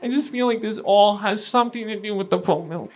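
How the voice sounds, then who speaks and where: A man's voice: sits high, fairly quick, voice pushed up, natural voice. A man voicing a weepy young woman who blames everything on the full moon, talking in a tearful, dramatic way.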